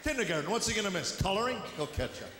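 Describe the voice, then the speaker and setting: Wry middle-aged comedian in an echoey hall. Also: male voice, sits high, lively intonation. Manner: wry storytelling with quick voiced asides. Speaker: stand-up comedian. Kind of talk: stand-up routine. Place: large hall with live audience. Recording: echoey hall, audible room noise.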